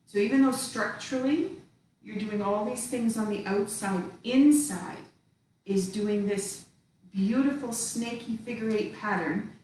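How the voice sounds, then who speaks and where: Female tai chi teacher, unhurried spoken cues, recorded from a distance in a roomy space. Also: mid-range voice. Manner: slow, calm counting of movement cues. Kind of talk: guided movement class. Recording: echoey room, far from mic, faint hiss.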